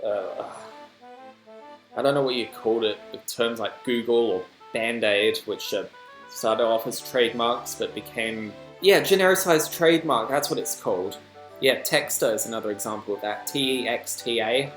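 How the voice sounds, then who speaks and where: A man's voice: medium pitch, moderate pace, fairly bright tone, faint music behind. A man with an Australian accent, hosting a reaction video with chatty, rambling commentary and self-deprecating asides. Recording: echoey room.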